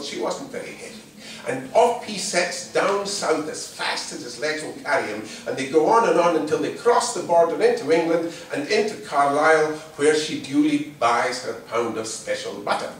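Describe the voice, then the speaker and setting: Man telling a folk tale live; lively, humorous, distant mic, heavy echo. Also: fairly high pitch. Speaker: storyteller. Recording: distant mic in a very echoey room.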